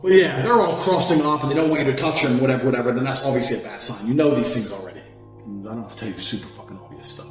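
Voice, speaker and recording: A man in his thirties giving a brash, profane monologue, boasting and swinging from loud outbursts down to low mutters. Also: fast. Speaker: self-improvement speaker. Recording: echoey room with faint music.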